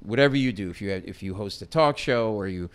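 A middle-aged man, a comedian, telling a story on a talk show. He is animated and acts out the voices in his story with loud bursts. His speech is casual and quick to shift. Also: lowish voice, clear, resonant tone. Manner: animated, acts out quotes loudly. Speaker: comedian guest. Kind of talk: storytelling chat.

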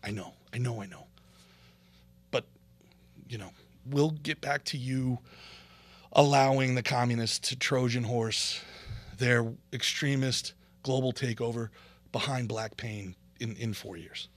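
A man's voice: mid-range voice, steady tone, unhurried, dry recording. Sarcastic ranting podcast host man. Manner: sarcastic, swings from loud to muttered. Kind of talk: ranting political commentary.

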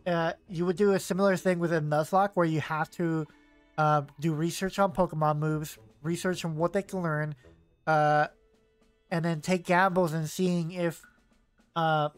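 A young man streaming a video game, chatting casually and rambling with lots of fillers and self-corrections. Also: a little high. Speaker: gaming streamer. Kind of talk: casual let's-play chat.

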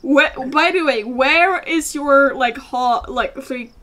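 A woman's voice: high-pitched, slow, crowd noise. A woman playing in a tabletop game, talking in a hesitant, giggly way. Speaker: player. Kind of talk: casual chat in a tabletop game.

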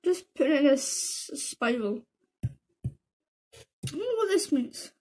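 A woman's voice: high voice, sing-song, unhurried, a little mellow. A woman giving casual, chatty commentary as she plays a game, joking about herself and tossing in slang like "bro" and "man". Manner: chatty, self-mocking, talks to herself while playing. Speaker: gaming video creator.

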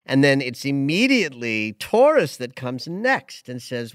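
A man hosting a casual astrology chat, emotional and animated, often restarting his sentences. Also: mid-range voice, measured pace, hardly any pauses, clean tone, no echo, clean studio sound. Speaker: astrologer host.

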